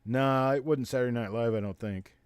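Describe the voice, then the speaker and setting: A man hosting a live coin auction, calling bids in rapid, repetitive runs and joking between lots. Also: mid-range voice, clear, resonant tone, no room sound, studio quality. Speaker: auctioneer and show host.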